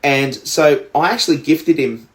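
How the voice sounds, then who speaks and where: A man's voice: a little high, unhurried, a bit bright, roomy sound. An Australian man co-hosting a podcast, telling a story in a rambling way with lots of restarts and fillers. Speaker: podcast co-host. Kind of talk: casual chat.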